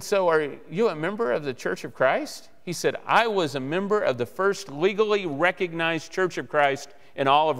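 Male preacher, storyteller type; resonant, slightly high voice; reverberant church sound. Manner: animated storyteller acting out dialogue. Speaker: guest preacher. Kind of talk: sermon storytelling. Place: church sanctuary.

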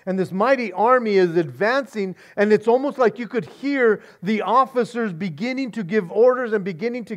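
A man preaching as a pastor, excited and casual, often repeating words and saying "man". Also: high-pitched. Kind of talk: expository sermon.

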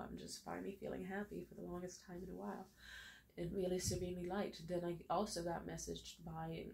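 A woman's voice: fairly low pitch, creaky. A young woman vlogging at home, crying happy tears and gushing about her gratitude to her viewers, laughing through it. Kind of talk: emotional direct-to-camera vlog. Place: home room.

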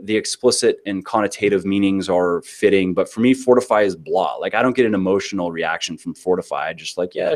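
A man's voice: sits low, darkish tone. A man giving an interview about his business, talking casually with many restarts and filler words. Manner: rambling, frequent restarts and filler words, acts out quotes; casual, swears now and then. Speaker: interview guest, author and fitness business owner.

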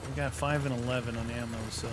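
Man, co-op gaming host, excitable, chatty play-by-play, mid-pitched, noisy background. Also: quick pace. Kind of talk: casual gameplay chat.

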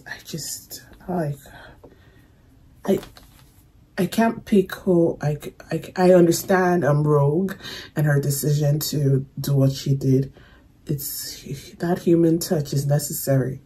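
A young woman casually talking through her reaction to a movie, emotional and soft-spoken, fond with her viewers. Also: low voice, husky, rough recording.

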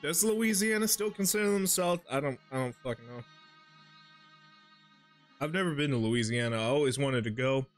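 A man's voice: medium pitch, moderate pace, long pauses, soft background music. Male streamer, casual game commentary, swears, rambles, laughs a lot. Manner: laughing often, profane, rambling. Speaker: gaming streamer.

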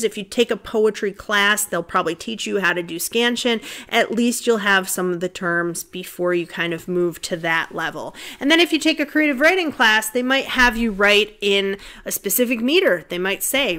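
A woman's voice: medium pitch, fairly bright tone. A woman teaching a literature class in a recorded lecture, casual and conversational, thinking aloud with frequent ums as she counts out beats. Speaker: literature instructor. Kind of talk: recorded lecture over slides.

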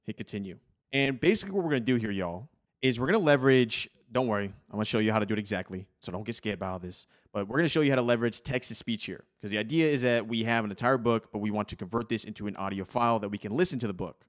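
A man's voice: on the low side, very fast. A young man hosting a casual tech tutorial, upbeat and chatty, who says "y'all". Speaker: host.

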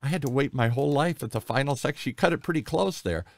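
A man in his sixties hosting an interview, telling personal stories in a candid, rambling, animated way. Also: medium pitch, quick pace, gravelly. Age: 60s. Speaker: podcast host. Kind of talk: conversational interview.

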